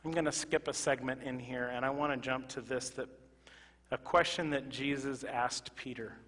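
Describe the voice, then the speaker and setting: Bright-voiced preaching man in echoing church. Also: mid-range voice, steady tone, normal speed. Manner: swings between loud emphatic exclamations and quiet earnest asides. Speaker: pastor. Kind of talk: sermon. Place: church sanctuary. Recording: reverberant church hall.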